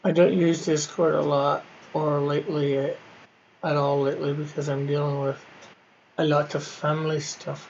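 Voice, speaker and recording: Halting man chatting on a lo-fi stream. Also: a little high, level tone, gravelly, darkish tone, slight background noise. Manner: halting, restarts and self-corrections. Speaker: comic artist streaming digital coloring. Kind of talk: casual livestream chat with viewers.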